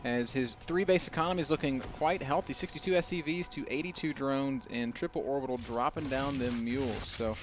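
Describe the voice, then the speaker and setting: A male esports co-caster talks through a match in a relaxed, analytical way, often thinking aloud. His voice is an ordinary mid pitch, and there is a faint hiss of noise on the recording. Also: a little fast, few pauses. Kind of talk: analytical game commentary.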